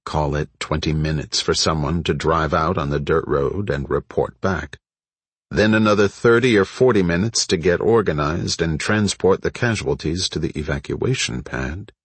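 A man narrating an audiobook in a steady, measured way. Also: a bass voice, slightly rough, dry recording. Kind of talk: scripted narration.

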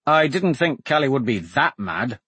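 A man's voice: mid-range voice, very animated, moderate pace, pushed and bright, husky, no room sound, heavily acted. A man voicing a blunt male swordsman in a storybook, making offhand, dry remarks. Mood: wry.

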